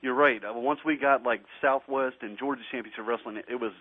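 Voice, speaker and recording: A man from the Northeastern US hosting a casual radio interview, asking relaxed, friendly questions. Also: mid-range voice, brisk, no echo. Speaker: radio show host. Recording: tinny phone-like radio audio.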